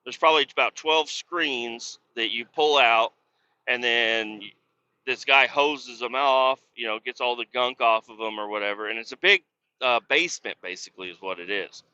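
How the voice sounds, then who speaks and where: Sharp-toned man ranting about a coworker. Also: medium pitch, moderate pace, clear, resonant tone, muffled recording. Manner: profane, exasperated, mocking. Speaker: industrial cleaning worker telling a work story. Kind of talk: casual storytelling rant.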